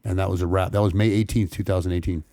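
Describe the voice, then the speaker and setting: A man's voice: sits low, flat delivery, fast talker, warm tone, no room sound. A man from California's San Fernando Valley, a podcast guest telling his story candidly, blunt and emotional, with frequent swearing.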